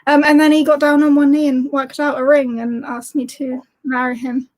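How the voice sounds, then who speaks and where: A woman's voice: sits high, flat delivery, normal speed, a little mellow. A woman co-hosting a book chat stream, casually telling a personal story and laughing often.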